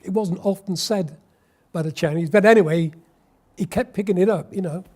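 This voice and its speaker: High-voiced elderly man reminiscing. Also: moderate pace, a little mellow. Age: 80s. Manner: wry, anecdotal storytelling. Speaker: war veteran interviewee. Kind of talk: oral history interview.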